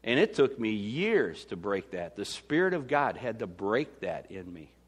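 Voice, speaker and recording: A Midwestern American man preaching a sermon as pastor, swinging from loud to hushed. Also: fairly low pitch, very animated, a little slow, breathy edge.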